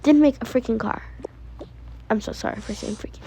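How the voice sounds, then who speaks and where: A woman's voice: a little high, a little fast, mellow, slight background noise. A female video creator chatting casually between role-play scenes in a giggly, self-conscious, rambling way.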